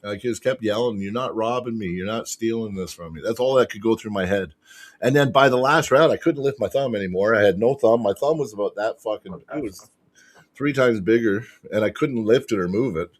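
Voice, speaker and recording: A man telling a match story as a podcast guest, excitable and swearing constantly. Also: fairly low pitch, a little fast. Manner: excitable, profanity-heavy retelling. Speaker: podcast guest, arm wrestler. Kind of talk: casual storytelling chat.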